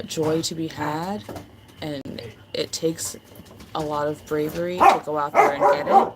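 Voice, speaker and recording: Low gravelly woman chatting with her stream. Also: heavy background noise. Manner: chatty, affectionate, many fillers. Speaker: livestream host. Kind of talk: casual chat with live chat.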